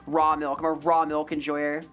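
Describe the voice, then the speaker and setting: A woman's voice: deep voice, completely flat delivery, normal speed, soft background music. A young woman streaming live, chatting casually in a playful, rambling, jokey way and reading chat aloud. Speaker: variety streamer.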